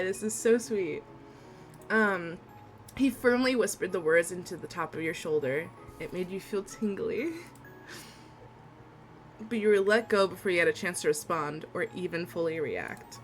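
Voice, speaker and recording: Young woman streamer reading a visual novel out loud, gushy and giggly, lowish voice. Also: normal speed. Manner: gushing, giggly reactions between steady reading. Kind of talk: reading a visual novel aloud while playing. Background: faint game music.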